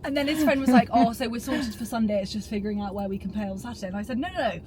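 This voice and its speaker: A woman's voice: fairly high pitch, very fast, a crowd in the background. A young woman co-hosting a podcast, telling a story in casual chat, swearing and acting out what others said. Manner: swears freely, acts out quoted lines. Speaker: podcast co-host. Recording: noticeable background noise.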